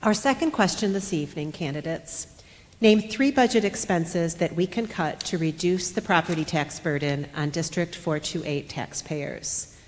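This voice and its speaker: A woman with a notably low voice moderates a candidate forum, reading out the questions in a formal, deliberate way. Her voice carries a long hall reverb.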